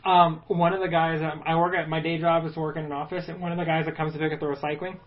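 A man co-hosting a podcast in casual, joking banter, animated and swearing now and then. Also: a little high, quick pace, dull audio. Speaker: podcast co-host. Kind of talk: casual chat.

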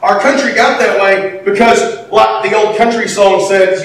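A man preaching a sermon in folksy, animated storytelling style, breaking into sudden shouts. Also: sits high, measured pace. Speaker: pastor. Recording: echoey hall, mic far off.

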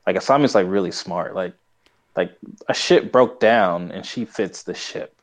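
A man's voice: low-pitched, normal speed. A man co-hosting a podcast in casual chat, rambling through a show recap with lots of fillers and frequent laughs. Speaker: podcast co-host.

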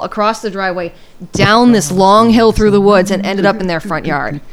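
A woman's voice: mid-range voice, normal speed, noisy background. A woman co-hosting a podcast, chatting casually and telling a story in a teasing, talkative way. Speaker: podcast co-host. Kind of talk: casual chat.

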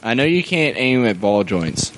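A man in casual podcast banter who drops deadpan, joking quips. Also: on the low side, moderate pace.

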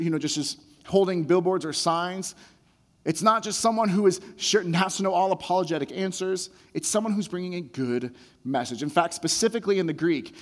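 Slightly high-voiced pastor in a reverberant hall. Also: male voice. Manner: conversational, repeats words, retells scenes with rising excitement. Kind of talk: sermon.

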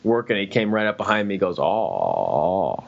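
A man's voice: level tone, racing, fairly bright tone. A man casually telling rambling work stories on a podcast, slipping into quoted voices. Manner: rambling, acts out quoted people in high voices. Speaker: podcast co-host. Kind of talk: casual storytelling chat. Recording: dull lo-fi podcast audio.

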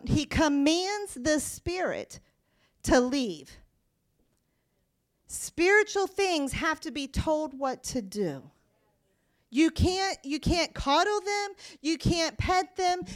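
A woman preaching a sermon, emphatic and rising to forceful declarations, reading scripture aloud more quietly. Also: high voice, sing-song, slow.

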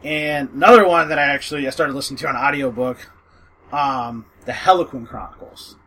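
A man's voice: medium pitch, brisk, sharp tone, poor audio. A man chatting casually about fantasy audiobooks, rambling with fillers, swearing and laughing often. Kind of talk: casual book recommendation chat.

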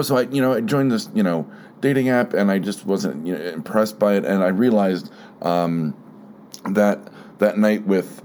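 A man hosting his own podcast, talking alone in a halting, rambling way with many fillers and restarts, a slight frog in his throat. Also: deep voice, a little mellow, a little hiss or hum. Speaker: podcast host. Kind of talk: casual solo monologue.

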